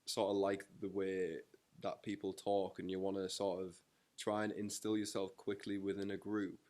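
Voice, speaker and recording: Male podcast host, very low voice, relaxed and hesitant, filler-heavy. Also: moderate pace. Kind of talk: casual chat.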